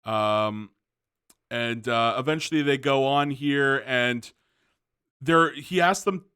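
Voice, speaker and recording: A man's voice: mid-range voice, slow pace, sharp tone, clean tone. A man hosting a commentary video, ranting angrily with profanity, fillers and restarts.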